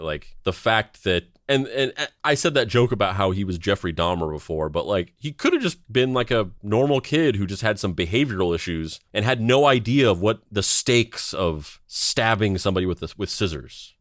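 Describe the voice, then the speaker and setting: Guy in his 30s rambling through a story on a podcast, lowish voice, dead dry mic. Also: no echo. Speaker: podcast co-host. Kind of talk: casual chat.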